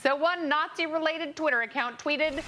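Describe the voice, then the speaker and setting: A woman's voice: high-pitched, normal speed, bright, forceful tone, slight background noise. A woman co-hosting a talk show, delivering news and comic segments in a sarcastic, jokey way. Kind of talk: snarky comedic segment hosting.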